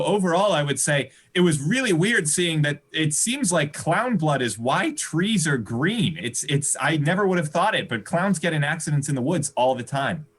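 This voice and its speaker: A man improvising a rambling comedy story on a live stream, animated and laughing at his own jokes. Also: a little high, slightly rough.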